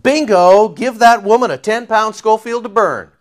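A man preaching a Bible study, animated and joking, acting out voices in quotes. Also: high voice, normal speed. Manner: animated, jokey, acts out quotes. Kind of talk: Bible teaching.

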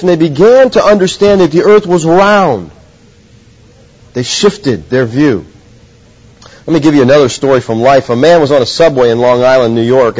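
A man's voice: a little high, darkish tone, husky. Earnest preacher man, lo-fi recording. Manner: earnest, teacherly, asks the audience questions. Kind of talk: sermon. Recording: dull lo-fi sound.

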